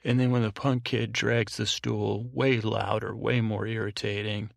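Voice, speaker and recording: A man's voice: lowish voice, level tone, measured pace, gravelly, no echo. A man hosting a bedtime podcast, recapping an episode in a meandering way with fillers and restarts. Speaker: podcast host.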